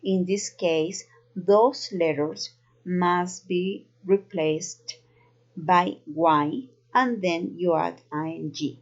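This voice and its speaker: A woman with a Colombian Spanish accent, a native Spanish speaker, teaching an English grammar lesson slowly and carefully. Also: on the low side. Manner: slow, careful explaining. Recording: dull lo-fi recording.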